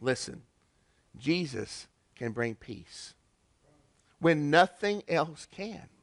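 A man preaching a Christmas sermon, earnest, with pauses and restarts. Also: a little high, big pitch swings, dry recording. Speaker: pastor.

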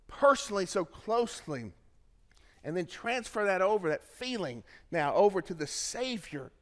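A man preaching a sermon as pastor, emphatic and repetitive, dropping to hushed tones and then rising to urgent pleas. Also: mid-range voice, big-room sound. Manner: emphatic, repeats phrases, swings from hushed to raised.

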